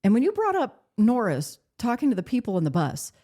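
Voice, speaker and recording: A woman's voice: on the high side, huge pitch swings, brisk, mellow. A woman co-hosting a political podcast, making pointed remarks and telling listeners what to pay attention to. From United States. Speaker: podcast co-host. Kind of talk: casual political podcast talk.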